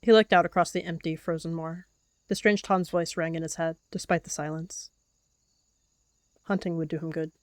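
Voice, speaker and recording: A woman calmly narrating a game role-play as a story. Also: deep voice, normal speed, long pauses, no room sound, clean studio sound.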